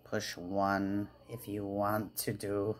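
Robot phone-menu voice, put on by a woman: low, deliberate, monotone delivery. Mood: deadpan. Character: automated phone-menu robot voice, flat and slow. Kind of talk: casual home video.

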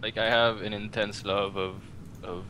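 A man's voice: lowish voice, little pitch movement, normal speed. A man chatting casually during a party card game, joking and often repeating himself. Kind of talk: casual group chat. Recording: loud noise on the mic.

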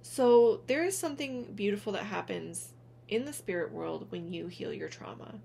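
A woman speaking gently and earnestly to her viewers in a heartfelt vlog, calling them honey as she encourages them. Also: mid-range voice, normal speed, vocal fry, slight background noise. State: tearful at moments. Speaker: spiritual vlogger, reader. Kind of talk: heartfelt direct-to-camera vlog.

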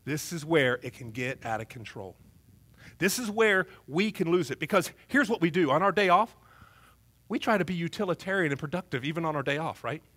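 A pastor preaching in a church, joking and chatting with his congregation. His slightly high voice swings between punchy bursts and quiet asides. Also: a little fast, husky. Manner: humorous, animated, conversational preaching. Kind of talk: sermon.

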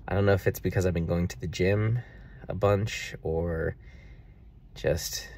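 A man's voice: sits low, steady tone, normal speed, a little mellow, slight background noise. A young man talking earnestly and at length in a personal video diary about faith and money. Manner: earnest, rambling, faith-filled reflection. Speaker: vlogger.

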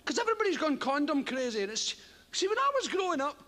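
On a live stage recording with background noise, a man runs through a stand-up comedy routine. His voice is very high-pitched and fast, with a big-room sound. He's animated and swears freely, acting out the voices of the people in his stories.

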